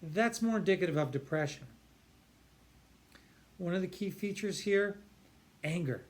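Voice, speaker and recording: A man who is a psychiatrist gives an explanatory talk to camera, earnest and emphatic, stretching key words and often restarting sentences. His voice sits high and sounds animated, a little slow.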